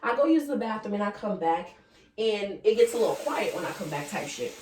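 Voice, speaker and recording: Sitting back from the mic, a young vlogger delivers a frank, chatty storytime, swearing freely and turning to address her viewers directly. Her medium-pitched, darkish voice is lively and a little fast, carrying a hollow room ring and a faint hiss or hum.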